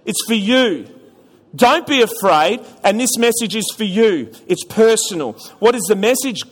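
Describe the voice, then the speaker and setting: A man's voice: high-pitched, expressive, moderate pace. A man preaching a sermon to a congregation, chatty and storytelling, often repeating words and asking the audience questions. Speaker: pastor. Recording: long hall reverb.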